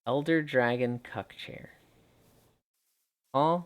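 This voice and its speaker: A man's voice: mid-range voice, slow pace, clear, resonant tone. A man streaming live, chatting casually and reading viewer messages aloud while walking, sounding a little tired.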